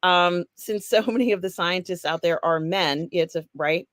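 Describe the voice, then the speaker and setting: A woman's voice: lowish voice, moderate pace, fairly bright tone, dry recording, studio quality. A woman co-hosting a casual pop culture chat, frank and chatty, laughing often and talking through lots of fillers. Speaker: co-host.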